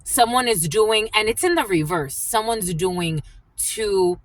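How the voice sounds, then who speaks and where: Woman, tarot reader, chatty and rambling, lively pitch; uses many fillers, acts out voices in her stories. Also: unhurried, a little hiss or hum, poor audio. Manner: acts out the people in her anecdotes. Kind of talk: casual collective tarot reading.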